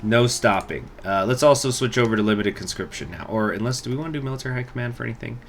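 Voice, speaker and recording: A man's voice: medium pitch, quick pace, fairly bright tone. A man with a mid-range voice talking his way through a strategy game, half to himself. He thinks aloud, mutters over menus and drops the odd swear. A faint ambient hum sits behind him. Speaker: gaming channel host. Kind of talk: let's play commentary.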